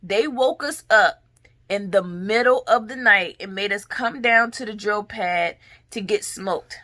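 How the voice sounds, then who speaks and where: A woman's voice: mid-range voice, unhurried. A woman in her thirties casually telling a story in a vlog, acting out commands and groans, a little out of breath. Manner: animated, acts out drill commands and groans. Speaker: vlogger.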